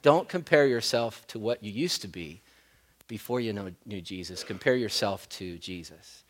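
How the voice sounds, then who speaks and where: A middle-aged man preaching a sermon as pastor, moving between loud emphatic points and quiet storytelling. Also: lowish voice, lively intonation, normal speed, a little hiss or hum.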